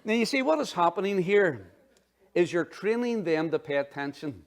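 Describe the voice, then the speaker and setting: A middle-aged man preaching a sermon in an animated, conversational way, full of asides. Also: high-pitched, normal speed. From Northern Ireland. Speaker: pastor.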